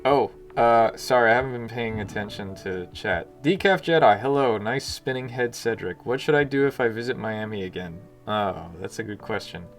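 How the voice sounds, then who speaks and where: A man's voice: on the low side, moderate pace, hardly any pauses, faint music behind. A man, a game developer, muttering to himself as he works and reading chat aloud on a live stream. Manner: quiet, mumbling to himself while working, reading chat. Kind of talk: casual live-stream commentary.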